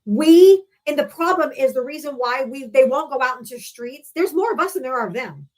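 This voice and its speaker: A woman's voice: sits high, lively intonation, a little fast, a little mellow, poor audio. A woman hosting a live talk stream in a casual, blunt way, swearing freely. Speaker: livestream host.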